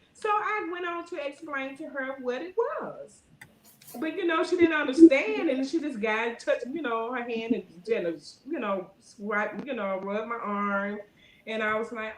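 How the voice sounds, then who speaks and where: A middle-aged woman, talking in a casual interview and filling her speech with "you know", getting lively when she tells stories. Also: fairly high pitch, a little slow, reverberant. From Alabama. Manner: rambling, frequent "you know" fillers; animated when telling stories. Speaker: guest.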